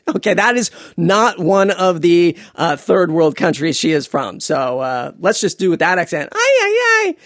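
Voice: mid-range voice, normal speed, hardly any pauses, no echo, studio quality. A podcast host telling a rambling comedic story, digressing into jokes and asides with plenty of fillers.

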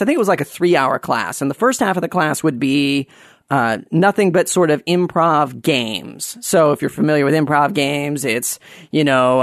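A man telling a personal story to an audience in a self-mocking, halting way, with many restarts. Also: on the high side, dry recording, studio quality.

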